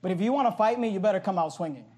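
Middle-aged male pastor with a high voice, loud and animated in the pulpit. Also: racing. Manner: bursts into yelling. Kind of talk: sermon.

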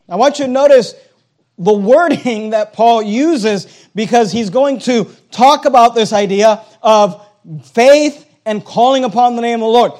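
High-voiced man preaching emphatically. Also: a little mellow. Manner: emphatic, repetitive preaching with rising intensity. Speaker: pastor. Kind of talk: sermon.

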